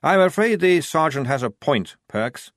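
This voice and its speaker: A prissy, pompous young officer with a raised, mannered voice, as a male reader puts him on. The storybook reading leaps about in pitch and sounds dry and close. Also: big pitch swings, a little slow, fairly bright tone, no room sound. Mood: prim. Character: prim, earnest young officer, man, pompous and fussy.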